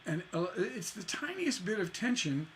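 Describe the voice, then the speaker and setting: A man's voice: sits high, big pitch swings, normal speed, a bit bright, a little hiss or hum. A man teaching a songwriting lesson in a chatty way, scatting rhythms with "da da da" to show the stresses.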